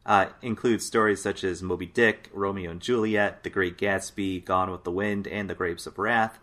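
A man's voice: sits low, fairly even intonation, moderate pace, a bit bright. A man co-hosting a casual chat, reading out lists of facts in a dry way with fillers. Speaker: podcast co-host.

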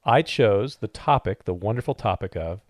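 A man co-hosting a casual podcast, playful and quick to joke. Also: lowish voice, lively intonation, no room sound, studio quality. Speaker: podcast co-host.

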